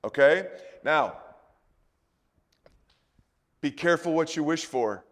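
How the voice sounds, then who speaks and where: Man teaching the Bible, slightly high voice. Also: animated, slow pace, a bit bright. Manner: informal, asides, keeps checking "okay?".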